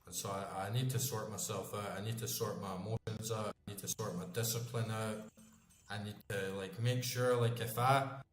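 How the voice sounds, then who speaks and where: A man's voice: fairly low pitch, steady tone, moderate pace. A man in his forties, a gaming channel host, chatting casually in a rambling, emphatic way and swearing constantly. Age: 40s. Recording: echoey room.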